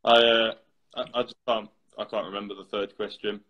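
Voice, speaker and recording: A man's voice: on the low side, little pitch movement, brisk, muffled recording. A man hosting a casual live chat over a video call, easygoing and hesitant, with many fillers. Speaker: host.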